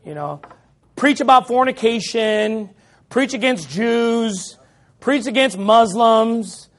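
A man preaching a sermon as pastor, forceful and loud at times, mocking the voices of his critics. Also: very high voice, animated, takes it slowly.

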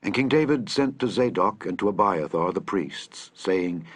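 A man reading scripture aloud in a measured, solemn manner. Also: sits low, animated, breathy edge, no echo. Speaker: scripture reader.

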